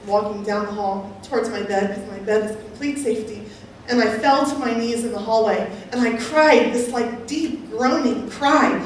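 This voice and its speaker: High-voiced woman in an echoing hall. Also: a little hiss or hum. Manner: earnest, halting, heartfelt storytelling. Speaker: speaker sharing a personal testimony. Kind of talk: emotional personal testimony. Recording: very echoey, voice from far off.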